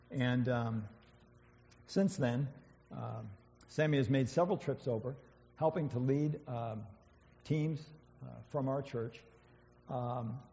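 A man's voice: medium pitch, dark tone. A man speaking from the front of a church, his talk loose and conversational, full of ums and false starts. His voice carries a long reverb through a large hall, and the recording is dull and muffled. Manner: conversational, hesitant, many fillers and restarts. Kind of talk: informal sermon with slides.

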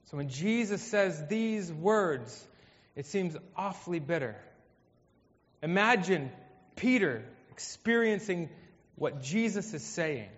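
A male pastor preaching a sermon in a conversational way, his voice swinging from hushed to emphatic. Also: sits high, animated, slow. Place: church hall. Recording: dull, echoey hall.

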